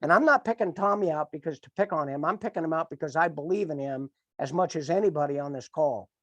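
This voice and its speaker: A man's voice: fairly high pitch, quick pace, a bit bright, no echo. Fired-up middle-aged man coaching. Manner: emphatic, repetitive, fired-up. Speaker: team leader. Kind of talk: motivational coaching talk.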